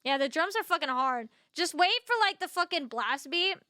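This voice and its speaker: High-voiced excitable young woman streamer. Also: normal speed, dry recording. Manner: excitable, laughing, swears freely. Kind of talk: casual live-stream chat.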